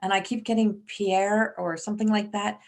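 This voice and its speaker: Woman, psychic medium on a live stream, middle pitch, rambling relayed messages. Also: little pitch movement, moderate pace. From Newfoundland, Canada.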